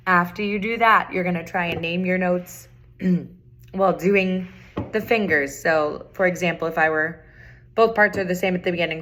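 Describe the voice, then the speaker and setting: A woman's voice: lowish voice, a bit bright. A middle-aged woman teaching a recorder lesson, patiently repeating key points and chanting rhythms aloud. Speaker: music teacher. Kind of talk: recorder tutorial.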